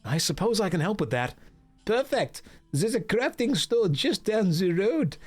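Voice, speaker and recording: A man's voice: very high voice, faint music behind, pitched above the performer's own voice. A man voicing a game townsperson in an exaggerated mock French accent, drawing out each line. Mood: chirpy. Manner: over-the-top mock French accent, drawn-out lines.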